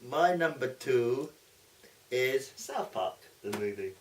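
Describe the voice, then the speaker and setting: A man's voice: mid-range voice, expressive, slow pace, a little hiss or hum. A young man co-hosting a casual film chat, cheeky and fond of crude jokes. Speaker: co-host. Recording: echoey room, distant mic.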